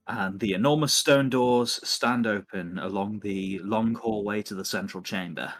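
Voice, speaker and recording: A man's voice: on the low side, unhurried, no room sound, soft background music. A man narrating as dungeon master in a tabletop game livestream, loose and chuckling, full of fillers.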